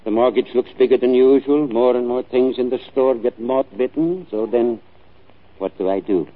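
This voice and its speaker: An actor playing a kindly, lonely secondhand shopkeeper who talks in a gentle, confiding way, in an old film. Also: male voice, medium pitch, normal speed, lightly acted. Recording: tinny lo-fi old film soundtrack.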